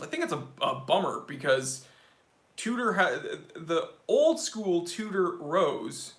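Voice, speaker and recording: A high, bright male voice reads out chat comments and riffs on them with joking enthusiasm, calling viewers bro. His sharp voice bounces around a roomy, echoey space. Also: big pitch swings, a little slow. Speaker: watch channel host. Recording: roomy echo.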